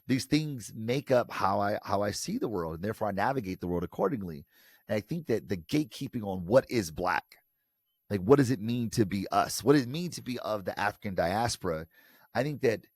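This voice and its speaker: A lower-pitched American man from Detroit speaks as a guest in an interview. He is animated and slips into quoted voices to make his point. The sound is dry and close. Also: no echo. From Detroit, United States. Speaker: guest, professor and author. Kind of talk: conversational interview.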